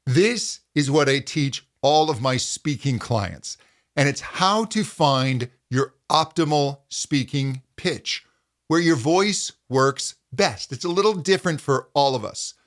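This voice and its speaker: Taking things slowly, a middle-aged man teaches a voice lesson as a vocal coach. He calmly walks through hums and pitch slides, explaining and demonstrating each.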